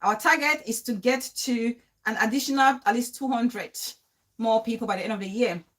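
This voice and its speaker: Emotional high-voiced woman streaming live. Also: normal speed. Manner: emotional and pleading, shouting out names. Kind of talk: casual live-stream chat with viewers.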